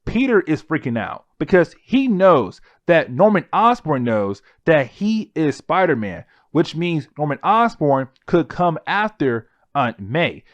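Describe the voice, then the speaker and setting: A man's voice: a little high, dry recording. Chatty man retelling a comic story. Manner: chatty, addresses viewers as guys, loose paraphrased quotes. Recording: dry, dull lo-fi sound.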